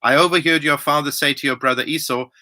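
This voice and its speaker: A man's voice: on the high side, steady tone, fast, sharp tone. A man reading a scheming mother. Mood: urgent. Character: scheming mother urging her son. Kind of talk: Bible reading.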